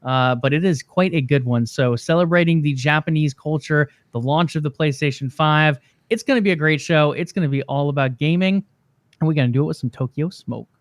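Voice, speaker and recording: A man's voice: a little high, fairly quick, no room sound. Chatty man co-hosting a gaming podcast. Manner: easygoing, chatty, laughs at himself. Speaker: podcast co-host. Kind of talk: casual gaming podcast chat.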